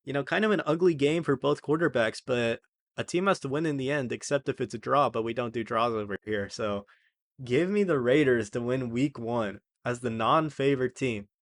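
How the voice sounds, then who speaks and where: A man's voice: medium pitch, normal speed, dry recording. Chatty young man, dry close sound. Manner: chatty, rambling, self-correcting. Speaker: sports video host. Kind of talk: casual sports prediction talk.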